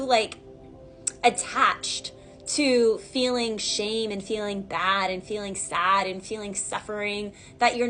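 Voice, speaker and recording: A woman's voice: fairly high pitch, fairly bright tone. A woman giving a casual, rambling tarot reading, talking in a chatty way full of fillers and asides. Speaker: tarot reader.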